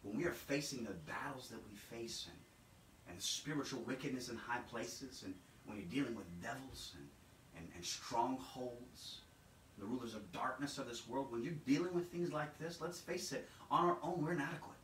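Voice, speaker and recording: A man preaching a sermon, dramatic and repetitive, swinging between shouts and hushed, low passages. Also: normal speed, slight background noise. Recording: echoey room, mic at a distance.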